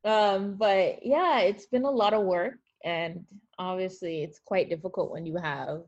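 A woman's voice: lowish voice, a little slow, darkish tone, highs cut off. A woman co-hosting a podcast in casual chat, cheerful and laughing often. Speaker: podcast co-host.

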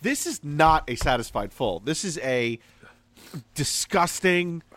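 A man's voice: medium pitch, very animated, normal speed, fairly bright tone, dry recording. Groaning, overfull podcast man. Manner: groaning and complaining about being full. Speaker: podcast co-host. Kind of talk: casual chat.

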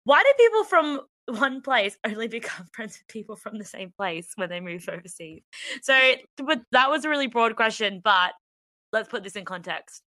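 A woman's voice: a little high, very animated, normal speed, sharp tone, no echo. A woman with an Australian accent co-hosting a podcast in casual chat, talking with lots of "like" fillers and frequent laughs. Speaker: podcast co-host. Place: Australian expat living in London, recording indoors.

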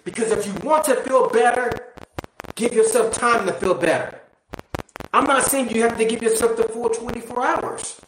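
A man's voice: extremely high pitch, normal speed, fairly bright tone, slight background noise. A man giving a blunt, preachy motivational talk that swears casually and fires direct questions at the listener. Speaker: motivational speaker. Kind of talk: motivational monologue. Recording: roomy echo.

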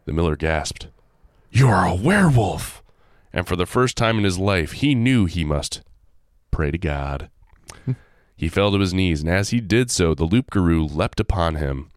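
A man hosting, reading a folk tale aloud with animated, joking asides. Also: sits low, normal speed, smooth, dry recording, studio quality. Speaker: host. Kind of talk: storytelling with jokey asides.

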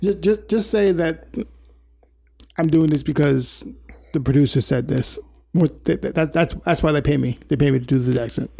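A man's voice: on the high side, normal speed, gravelly, mellow. A man from New York co-hosting a casual chat, earnest and explaining, often stammering through restarts. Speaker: podcast co-host.

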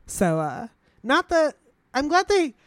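A woman's voice: high voice, sing-song, slow pace, no echo. A woman co-hosting a casual chat, reading news aloud with many fillers and restarts. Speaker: podcast co-host.

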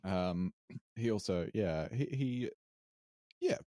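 Low, warm and animated yet slow, this man's voice is recorded in studio quality with no room sound. He co-hosts and plays, chatting through a tabletop game recap with rambling hesitation, fillers and frequent laughs.

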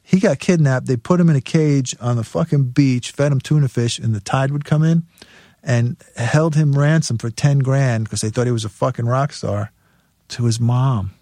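Male guest, mid pitch, dry close sound, swears and laughs through his stories. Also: moderate pace, dry recording. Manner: profane, laughing, animated storyteller. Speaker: guest musician. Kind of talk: casual storytelling interview.

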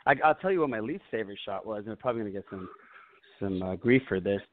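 A man's voice: fairly low pitch, expressive, quick pace. A man co-hosting a casual podcast chat, enthusiastic, laughing easily and restarting sentences. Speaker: co-host. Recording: dry, tinny phone-like sound.

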